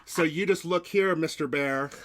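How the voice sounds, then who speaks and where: A man's voice: a little high, normal speed, heavy background noise, close to an everyday voice. A man doing a squealing, gushing TV host lady. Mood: sassy. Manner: squealing, effusive, mock-threatening. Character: gushing high-pitched TV morning host woman, diva.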